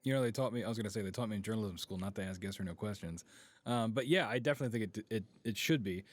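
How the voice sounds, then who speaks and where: A man's voice: lowish voice, very fast. A man co-hosting a casual podcast chat, a radio producer who drops wry jokey asides.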